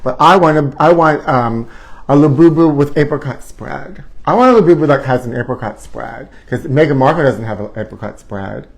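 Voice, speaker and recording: A man's voice: mid-range voice, moderate pace, creaky. A man hosting a live comedy show in a campy, flamboyant way, drawing out words and breaking into sudden squeals.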